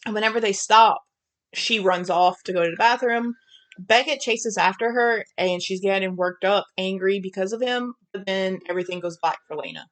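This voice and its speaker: A woman's voice: mid-range voice, moderate pace, fairly bright tone. Southern lady on a book podcast, blunt and swearing, laughs a lot. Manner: frank, profane, summarizing plot with giggles. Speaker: podcast co-host. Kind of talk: casual book review chat.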